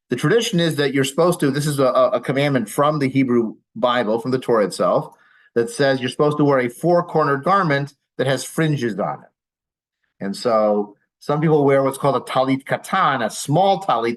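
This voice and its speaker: A man's voice: mid-range voice, rough recording. Guy rabbi teaching a room of people, easygoing explainer, lots of uhs, little dry jokes. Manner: patient, explanatory, dry humor, frequent fillers. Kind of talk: informal lecture with audience questions. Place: congregation classroom with a live audience.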